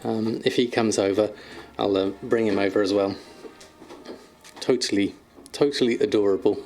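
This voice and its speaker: A man with a fairly low voice chats casually on a live stream from home. He is affectionate and easygoing, often laughing and cooing softly. His talk is loose and friendly, with filler words. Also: fairly even intonation, moderate pace, faint music behind. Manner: chatty and affectionate, laughs often, coos at kittens. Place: at home, indoors.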